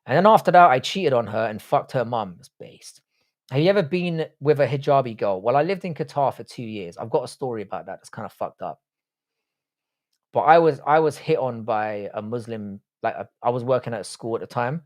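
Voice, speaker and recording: A man's voice: mid-range voice, lively intonation, fairly quick. Blunt, swearing raised man. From Irish, raised in southwest London. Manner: blunt and profane, reads chat questions aloud then answers. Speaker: livestream panelist answering chat. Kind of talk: casual livestream chat.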